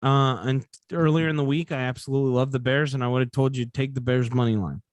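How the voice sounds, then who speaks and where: A man's voice: mid-range voice, fairly even intonation, fast, no room sound. A man hosting a casual sports betting podcast, sleepy and yawning, rambling and correcting himself as he talks. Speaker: podcast host.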